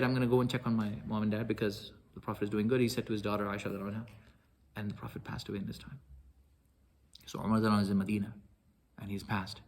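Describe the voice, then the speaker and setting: A man telling a story in a lecture, animated, acting out quoted speech with sudden loud outbursts. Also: mid-range voice. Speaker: Islamic lecturer.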